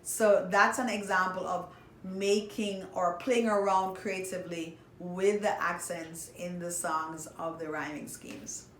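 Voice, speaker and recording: A woman's voice: fairly low pitch, steady tone, unhurried. A woman music teacher giving a songwriting lesson, explaining patiently and speaking directly to her students. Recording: echoey room, faint background noise.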